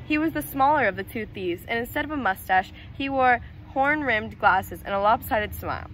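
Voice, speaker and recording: A woman reading a children's storybook aloud, slowly and expressively. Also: a little high, expressive, a bit bright, slight background noise, poor audio. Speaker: student reader.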